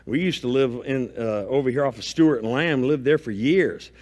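A man's voice: medium pitch, moderate pace, darkish tone, in a large hall. A male pastor giving a folksy, conversational sermon, mixing home stories with scripture reading. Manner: reads scripture aloud between comments. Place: church sanctuary.

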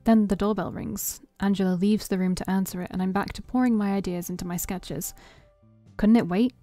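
A woman streamer reading a story game aloud in expressive first-person narration. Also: mid-range voice, brisk, faint music behind. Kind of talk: reading a visual novel aloud.

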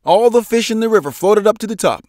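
A man reading a children's picture book aloud in an animated storytelling style, putting on voices for the characters. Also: fast, no room sound. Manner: animated, voices characters with big pitch jumps. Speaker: storybook narrator.

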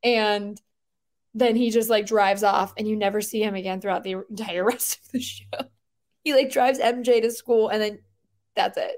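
A woman chatting casually on a podcast, rambling and animated, with lots of filler words and incredulous outbursts. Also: mid-range voice, moderate pace.

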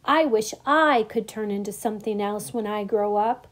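A woman voicing an excitable, curious young male pollywog in a storybook reading, with bubbly, wide-eyed questions. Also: mid-range voice, normal speed, close to an everyday voice. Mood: excited.

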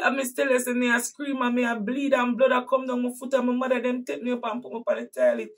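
Husky Jamaican woman telling a harrowing story. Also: fairly high pitch, lively intonation, fast talker, hardly any pauses, far from the mic, rough recording. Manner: emphatic, repeats phrases, swings from hushed to loud. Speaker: host and preacher. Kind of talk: dramatic personal storytelling.

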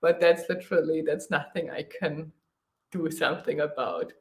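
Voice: medium pitch, normal speed, fairly bright tone, echoey room. A travel vlogger with a German accent, chatting through a live Q&A, thinking aloud and laughing readily. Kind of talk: live Q&A chat.

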